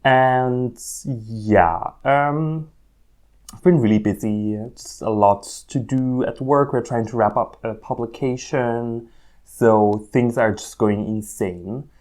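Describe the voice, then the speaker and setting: A man's voice: mid-range voice, takes it slowly, darkish tone. A man filming a rambling, self-mocking vlog on his phone at home, talking at a table of plants with many ums. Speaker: orchid hobbyist vlogger. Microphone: phone camera.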